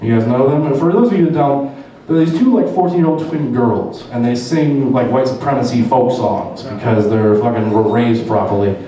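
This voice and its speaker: A man's voice: mid-range voice, background noise. Profane male comedian in an echoey club. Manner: profane storytelling. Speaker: stand-up comedian. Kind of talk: stand-up routine. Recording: echoey, dull live club from far.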